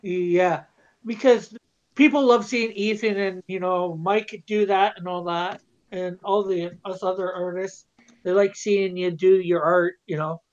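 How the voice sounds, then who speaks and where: A man's voice: high voice, steady tone, a little slow, muffled recording. A man and comic artist in a group call, casual and friendly, offering advice.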